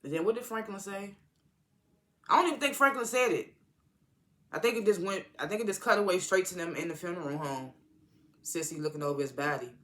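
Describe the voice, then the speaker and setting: A reviewer casually recaps a TV episode, rambling and halting with plenty of fillers and exasperated asides. The voice is mid-range with a sharp tone.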